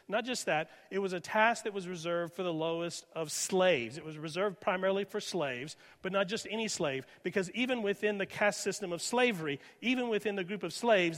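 A male pastor preaching a sermon with dynamic delivery, moving from loud emphasis to hushed near-whispers. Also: sits high. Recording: reverberant hall.

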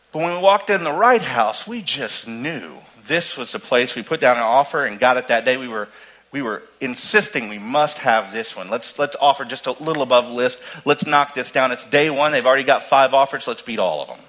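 Animated preacher with a bright voice. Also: male voice, medium pitch, moderate pace, poor audio. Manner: animated storytelling, swings from loud emphasis to hushed tones. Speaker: pastor. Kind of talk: sermon.

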